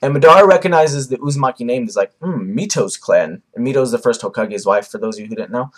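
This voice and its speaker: A man's voice: medium pitch, very fast. A young man giving casual, rambling commentary on a comic chapter, with many fillers and restarts. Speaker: manga reviewer.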